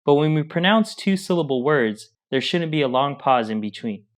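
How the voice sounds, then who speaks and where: A man's voice: on the high side, lively intonation, normal speed. Man co-hosting a language lesson. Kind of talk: explaining lesson steps.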